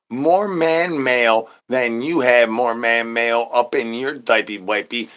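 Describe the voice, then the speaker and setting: A man's voice: mid-range voice, unhurried, hardly any pauses, fairly bright tone, dull audio. A man streamer doing an absurd comedic rant, rambling in nonsense with stuttered repeats and sing-song catchphrases.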